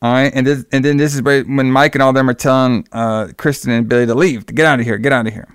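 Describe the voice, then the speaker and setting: A young man casually recapping a film plot in loose, profane talk, slipping into quick voices for the characters. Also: mid-range voice, steady tone, clear, resonant tone, dry recording, clean studio sound. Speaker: podcast co-host recapping a movie.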